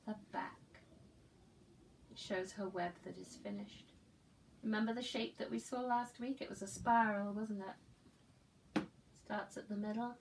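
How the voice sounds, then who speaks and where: A woman preschool teacher reading a picture book aloud to young children, slow and gentle, pausing to ask simple questions. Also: medium pitch, vocal fry, recorded from a distance, slight background noise, rough recording. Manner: slow, gentle, with loud animal sounds in the story.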